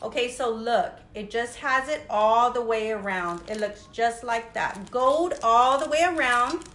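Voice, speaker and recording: A woman's voice: on the high side, a little slow, fairly bright tone, reverberant, slight background noise. A woman hosting a live jewelry sale, chatting casually and greeting viewers by name in an upbeat, friendly way. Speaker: jewelry seller hosting a livestream. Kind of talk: casual live sales chat.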